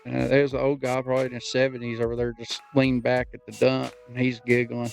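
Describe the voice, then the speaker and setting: A man's voice: medium pitch, flat delivery, fast, creaky, hardly any pauses, soft background music. A man co-hosting a podcast, telling folksy, profane stories in a drawling way. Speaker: podcast co-host. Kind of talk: casual storytelling.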